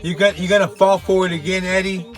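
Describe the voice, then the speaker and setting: A man hosting a casual monologue recommending movies, rambling excitably with jokey asides. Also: high-pitched, a little fast, soft background music.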